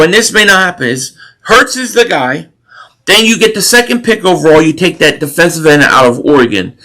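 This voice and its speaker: High, bright-voiced man ranting about football. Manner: opinionated, animated sports rant with repeated restarts. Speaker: live stream host. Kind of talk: casual live stream chat, reading super chats.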